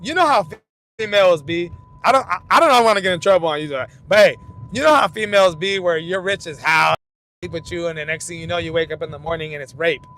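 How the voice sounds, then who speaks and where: A man's voice: quick pace, pushed and bright. A young man hosting a fight commentary channel, telling loose, profane stories in rambling casual talk while he drives. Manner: rambling storytelling, loose and profane, frequent restarts. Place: in a car while driving. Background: vehicle rumble.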